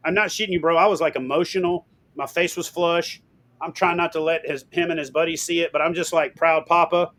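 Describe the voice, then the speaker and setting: Speaking briskly in a fairly high voice, this middle-aged interview guest spins his stories with lots of energy. Casual profanity runs through his talk, and he loudly performs other people's lines.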